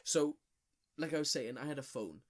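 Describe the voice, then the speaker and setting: A man's voice: fairly high pitch, animated, moderate pace. A young man from Wales on a podcast, telling a story in rambling casual chat full of filler words and swearing. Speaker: podcast co-host.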